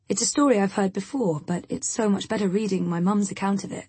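A woman's voice: medium pitch, fast, few pauses, mellow, husky, no room sound. A woman giving reflective first-person audiobook narration. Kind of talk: scripted narration.

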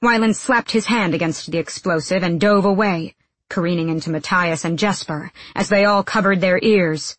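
A woman narrating an audiobook in a steady, measured storytelling voice. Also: fairly low pitch, no echo. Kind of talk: scripted narration.

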